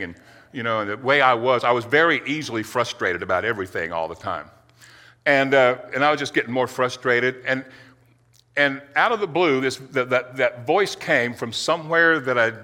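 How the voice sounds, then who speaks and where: Male preacher, forceful tone, stumbling earnest testimony, reverberant hall. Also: mid-range voice. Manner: earnest, halting, with many restarts. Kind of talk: personal testimony sermon.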